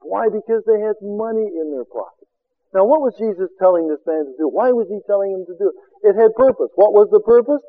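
A man preaching a sermon as a seminar teacher, firing rhetorical questions and swinging from loud exclamations to quiet asides. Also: high voice, fairly quick, phone-quality sound.

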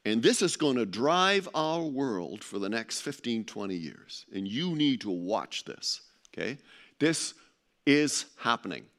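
A man's voice: medium pitch, fairly bright tone. A man giving an informal presentation to a live audience, chatty and joking, often stumbling and restarting as he searches for words.

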